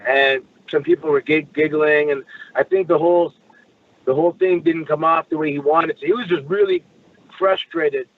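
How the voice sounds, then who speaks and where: A man's voice: a little high, steady tone, moderate pace. A man from Canada, a guest telling stories casually, rambling with restarts and swearing freely. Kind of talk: casual storytelling. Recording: tinny phone-like line.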